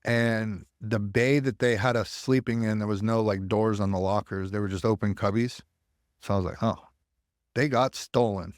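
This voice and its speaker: At a moderate pace and steady tone, a low-voiced American army veteran shares his story as a podcast guest, bluntly, profanely, imitating the voices of others. Dry studio-quality recording.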